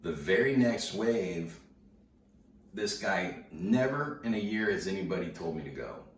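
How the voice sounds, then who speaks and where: A man casually telling a story to an audience, laid-back and slangy, animated as he recounts it. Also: deep voice, a little slow. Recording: roomy, distant mic, faint noise.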